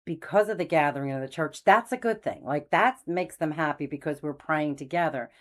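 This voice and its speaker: A middle-aged woman hosting a faith channel, telling her story in a casual, meandering way and losing her train of thought. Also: low-pitched. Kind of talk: casual spoken testimony.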